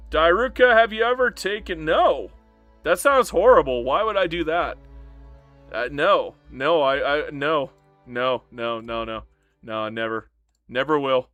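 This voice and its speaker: A man with a bright, slightly high voice gives loose, joking live commentary while playing a strategy game. He talks to himself and his chat in a chatty, off-the-cuff way. Faint music plays behind him. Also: a little slow, dry recording.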